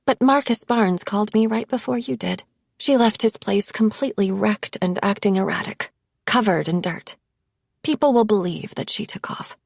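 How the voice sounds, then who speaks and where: A woman narrator voicing a ruthless, controlling young woman with a clipped, forceful delivery and a gravelly, husky edge. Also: mid-range voice, moderate pace, no echo, clean studio sound, pitched above the performer's own voice. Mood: persuasive.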